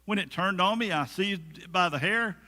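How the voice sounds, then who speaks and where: A man's voice: high-pitched, moderate pace, pushed and bright, long reverb tail. A man preaching a sermon as pastor, conversational, with humorous asides and acted-out quotes. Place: church sanctuary.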